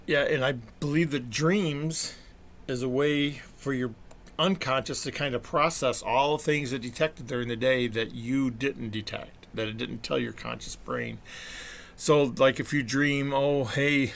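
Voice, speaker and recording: A man's voice: medium pitch, gravelly, fairly bright tone. A middle-aged man telling a family story in a casual, rambling monologue, acting out what people said. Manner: chatty storyteller, acts out quotes. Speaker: vlogger.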